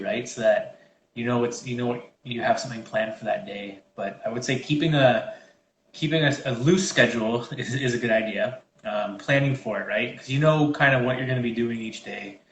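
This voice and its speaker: A man's voice: medium pitch, steady tone, moderate pace, echoey room, slight background noise, rough recording. A man co-hosting a fitness chat, giving casual advice in a rambling way with many fillers and restarts, over a video call. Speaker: fitness trainer co-host.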